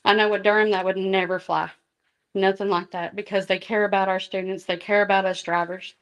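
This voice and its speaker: A woman's voice: medium pitch, flat delivery, brisk. Earnest woman speaking at a meeting. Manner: earnest, emotional, reading from notes. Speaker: school bus driver and safety trainer. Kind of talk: public comment at a board meeting.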